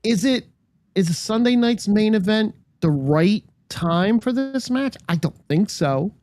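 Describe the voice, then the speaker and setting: A man's voice: high-pitched, expressive, unhurried, a little mellow, no echo. A man co-hosting a podcast, giving emphatic, opinionated takes in casual chat. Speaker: podcast co-host.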